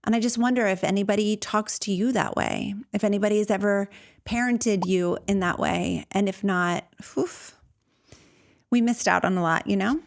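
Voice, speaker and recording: A woman's voice: medium pitch, moderate pace, creaky. A woman hosting a solo podcast about ADHD, talking in a casual, earnest and personal way, with fillers and restarts. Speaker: podcast host and ADHD coach.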